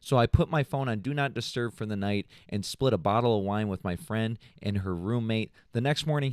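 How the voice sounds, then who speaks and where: A man's voice: mid-range voice, dry recording. A man co-hosting a comedy podcast, chatting casually and reading a post aloud, joking and laughing often. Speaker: podcast co-host.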